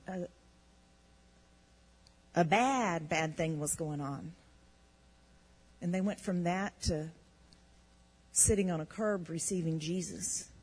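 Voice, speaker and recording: Husky-voiced woman telling a faith story, animated, trips over her words when excited. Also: fairly low pitch, rough recording. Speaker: ministry show co-host. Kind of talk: testimony storytelling.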